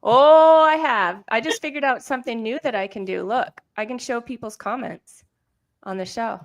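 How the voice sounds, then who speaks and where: A woman in her thirties co-hosting a casual talk show, telling stories in a chatty, animated way. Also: fairly high pitch, normal speed. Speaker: podcast co-host. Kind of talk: casual chat.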